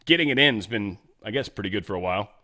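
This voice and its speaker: A man's voice: on the low side, expressive, very fast, pushed and bright. A man hosting a casual political commentary show, reading news items and breaking into rambling, sarcastic asides.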